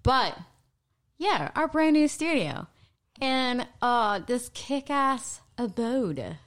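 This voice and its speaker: A woman's voice: a little high, sing-song, slow pace. A woman co-hosting a casual podcast from her home studio, talking in a chatty, emphatic way. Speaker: podcast co-host. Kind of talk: casual chat.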